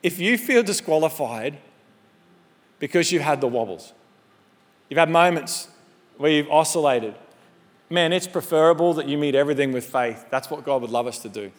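A male pastor delivers a sermon in a high voice, talking to the congregation like friends and slipping in humorous asides. His words trail off into the long reverb of a large church auditorium. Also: normal speed, pauses often. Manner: animated conversational preaching with humorous asides.

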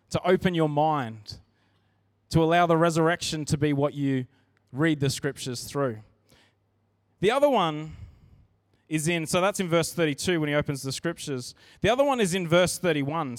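Preaching in a church, an earnest man talks conversationally in a voice slightly high for a male, restarting his sentences along the way. The recording is dry and close-miked, with no room sound.

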